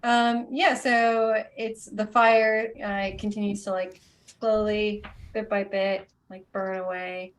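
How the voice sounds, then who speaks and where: A woman's voice: medium pitch, level tone, slow. A woman narrating as game master of a tabletop game, talking loosely with many fillers. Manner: rambling, filler-heavy narration. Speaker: dungeon master.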